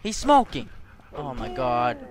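Speaking slowly at medium pitch with big swings in intonation, a young man narrates his gameplay. It's profane let's play commentary, full of trash talk and shouting at the game's characters.

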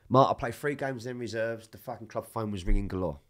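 A man telling rough, animated stories in a casual podcast chat, swearing constantly. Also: fairly low pitch, a little fast. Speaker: podcast guest.

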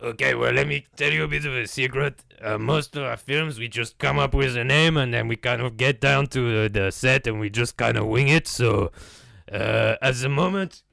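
A man's voice: medium pitch, normal speed, hardly any pauses, no echo. A man playing a rude, hot-headed Belgian film director with a put-on Belgian accent, in a comedy sketch interview. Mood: rambling. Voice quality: creaky, gravelly. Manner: insulting, bickering, excitable.

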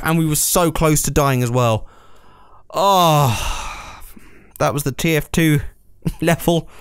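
A man giving let's play commentary while he plays a video game, exasperated, swearing, yelping and cheering loudly. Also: sits high, smooth, dry recording.

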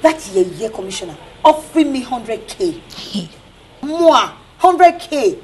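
A woman's voice: on the high side, slow pace, a little hiss or hum. An actress playing a scheming young Nigerian woman who chats brashly in Pidgin. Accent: Nigerian, Pidgin-speaking. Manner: brash, lively Pidgin banter.

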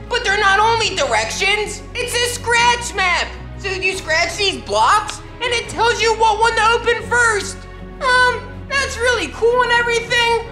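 A woman voicing an excitable young schoolboy who reviews toys, shouting, giggling and yelling karate cries. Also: extremely high pitch, full character voice. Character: hyper young schoolboy toy reviewer with brothers. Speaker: toy reviewer. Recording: roomy echo with music behind.

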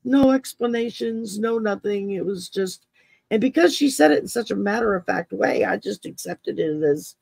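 A middle-aged woman from Texas hosts a casual interview. Her voice is gravelly and a little husky. She tells long personal stories, laughing along the way, in a dry, close recording. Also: mid-range voice, animated, moderate pace, darkish tone, no room sound. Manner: chatty, laughs often while telling stories. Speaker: podcast host.

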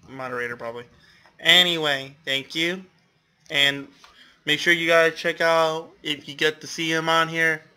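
Young male gamer, slow-paced casual commentary, self-mocking, exclaims a lot. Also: a little high, bright, forceful tone, clear, resonant tone. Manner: self-deprecating, exclamatory, laughs often.

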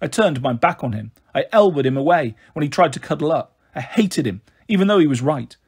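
A man reading a children's novel aloud in a steady, expressive way. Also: fairly high pitch, fairly quick, slightly rough. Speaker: storyteller. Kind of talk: audiobook reading.

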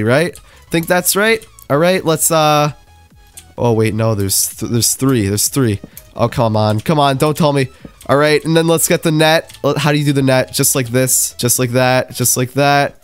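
A young man giving excitable gaming commentary, talking to himself while he plays. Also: a little high. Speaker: gaming YouTuber.

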